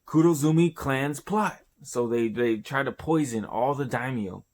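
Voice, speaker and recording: A man talking through a comic chapter in a loose, rambling play-by-play, dropping swear words as he describes each panel. He speaks slowly and in a mid-range voice, often pausing to search for words. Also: mid-range voice, a little mellow. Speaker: host of a manga review show. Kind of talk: casual chapter review.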